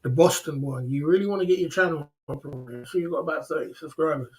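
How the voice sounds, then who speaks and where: A man's voice: a little high, fast talker. A man hosting a livestream, rambling and teasing viewers with chuckles in casual banter. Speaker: livestream host.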